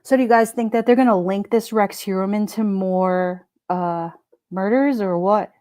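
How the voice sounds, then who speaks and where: A middle-aged woman with a New York Italian accent hosts a relaxed livestream, greeting viewers by name and riffing on their comments. She talks in a mellow, warm tone, and her voice sits close and dry on the mic. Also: medium pitch, a little slow, no room sound. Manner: chatty, wisecracking, laughs often. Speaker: livestream host. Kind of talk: casual live chat reading comments.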